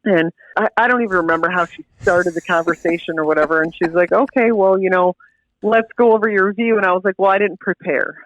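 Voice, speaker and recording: A woman's voice: fairly low pitch, quick pace, no room sound, lo-fi sound. A woman guest on a podcast, chatting casually and expressively about an old job. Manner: chatty and expressive, laughs into stories. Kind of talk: casual chat.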